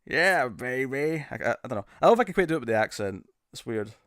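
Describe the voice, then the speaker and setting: A man's voice: medium pitch, very animated, racing, no echo, clean studio sound. Chatty British man on a live stream. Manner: laughing, jokey, attempts bad celebrity impressions. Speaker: streamer host. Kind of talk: casual live-stream chat.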